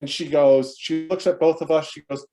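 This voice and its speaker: A man's voice: fairly high pitch, steady tone, moderate pace, warm tone, faint music behind. A man, brother of the deceased, telling a long story at a memorial over a video call, rambling with many fillers and restarts.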